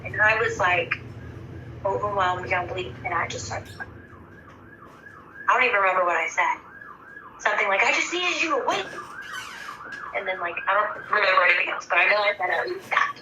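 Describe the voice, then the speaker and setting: A woman's voice: mid-range voice, fairly even intonation, brisk, long pauses, lo-fi sound. A woman in her thirties giving a rambling, frank account in a counseling session, swearing freely. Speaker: counseling client. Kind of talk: casual personal account. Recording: echoey room from far off, faint noise.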